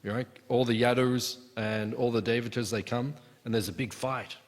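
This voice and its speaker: A man's voice: medium pitch, steady tone, normal speed. A man giving a devotional scripture class, telling stories conversationally and acting out the characters' lines. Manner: storytelling with acted asides, conversational. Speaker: class speaker. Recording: long hall reverb.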